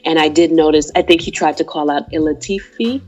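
A woman co-hosting a casual chat, lively and animated, talking through her opinions with lots of asides. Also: low-pitched, fairly quick. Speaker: podcast co-host. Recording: dull lo-fi sound with faint music.

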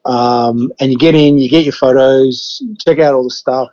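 A man's voice: mid-range voice, fairly even intonation, normal speed, warm tone, dull audio. An Australian man in his fifties from Western Australia, telling stories casually as a podcast guest, swearing freely. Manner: laid-back, swears freely, acts out his own reactions. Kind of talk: casual storytelling.

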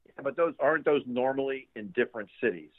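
A man's voice: mid-range voice, expressive, fast talker, no room sound. A man in casual chat, mostly giving short replies. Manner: brief agreeing replies. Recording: tinny phone-like line.

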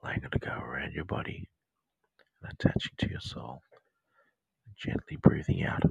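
An Australian man hosting a counselling podcast, leading a whispered guided meditation close to the mic, slow and soothing as he repeats mantras. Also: very deep voice, creaky, darkish tone, husky, no echo, lo-fi sound.

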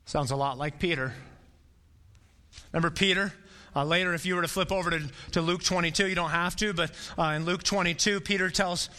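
A man's voice: high voice, steady tone, a little fast, sharp tone, big-room sound. A man preaching a sermon in a conversational way, acting out the quotes he reads. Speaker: pastor.

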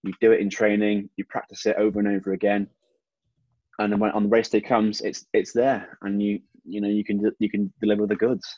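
Low-voiced English man, chatty and relaxed. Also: brisk, no echo, lo-fi sound. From England. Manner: relaxed, chatty, frequent "you know". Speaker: swimmer, guest. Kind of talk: casual interview.

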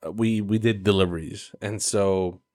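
A man co-hosting a podcast, telling a story in casual chat, animated and profane, acting out the voices in his quotes. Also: on the low side, normal speed, no echo, clean studio sound. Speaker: podcast co-host.

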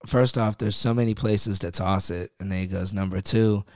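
A man's voice: lowish voice, steady tone, normal speed, darkish tone, no echo, clean studio sound. A man from Ohio telling stories in loose slang as a guest in a casual podcast chat.

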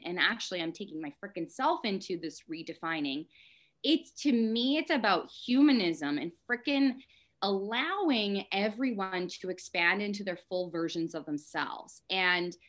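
A woman speaking as a podcast guest, frank and impassioned, talking in rushes and drifting into tangents. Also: mid-range voice, animated, a bit bright. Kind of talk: candid podcast conversation.

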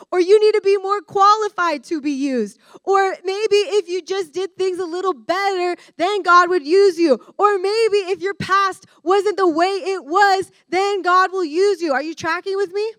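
High-voiced woman preaching with stories. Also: dry recording. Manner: candid, animated storyteller who addresses the room directly. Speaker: guest speaker at a discipleship school. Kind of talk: personal-story sermon talk.

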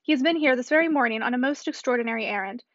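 A woman voicing a gentle, agitated lady friend with a trembling voice, in a storybook reading. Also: sits high, very fast, dry recording, lo-fi sound. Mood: nervous.

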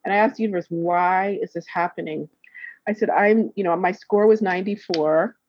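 A woman's voice: lowish voice, normal speed, no echo. A woman who works as a therapist and healer, telling a personal story in casual conversation, acting out the voices she quotes and laughing often. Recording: dull, slightly lo-fi dry recording.

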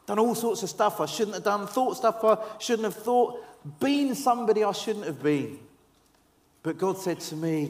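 Preacher in an echoey hall. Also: male voice, high-pitched, animated, normal speed. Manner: storytelling with humour, dropping to soft earnest tones. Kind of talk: sermon.

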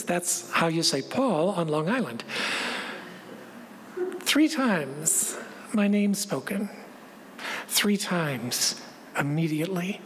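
A woman pastor giving a reflective, measured sermon and repeating key phrases. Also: fairly low pitch, sing-song. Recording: long reverb, faint background noise.

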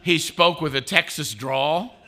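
A man speaking as a guest at a conference, telling a story in an animated way. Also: a little high, a little slow. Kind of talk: conference talk. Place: conference stage.

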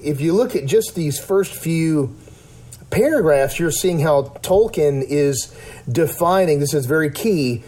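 A man's voice: on the high side, expressive, a little slow, mellow. A man in casual discussion, talking earnestly in a rambling way with many restarts and fillers.

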